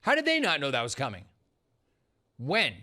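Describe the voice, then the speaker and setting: A sports talk host delivers a sarcastic monologue in a bright, forceful voice. His pitch swings widely as he hammers home rhetorical questions. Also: wildly swooping pitch, moderate pace.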